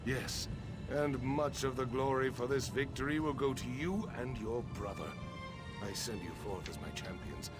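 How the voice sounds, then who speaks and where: An actor playing a proud older desert king and father, giving grand, slow speeches in a video game. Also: mid-range voice, close to an everyday voice. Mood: solemn. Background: game music.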